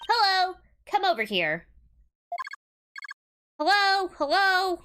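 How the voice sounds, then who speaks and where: A woman's voice: very high-pitched, very animated, slow pace, background noise, voice pushed up, exaggerated voice. A woman doing a stammering robot tour guide. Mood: eerie cheerful. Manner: stuttering, sing-song.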